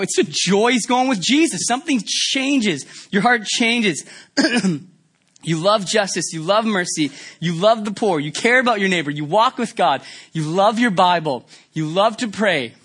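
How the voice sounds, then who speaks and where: A man preaching a sermon in a conversational, animated way, asking the congregation rhetorical questions. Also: high-pitched. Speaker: pastor.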